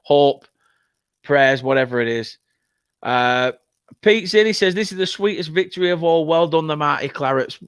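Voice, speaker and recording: A man from England hosting a live football watchalong, reading out viewer comments in an excitable, emotional, chatty way. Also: fairly high pitch, normal speed, smooth, dry recording, studio quality. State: upset, has been crying. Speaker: football fan channel host.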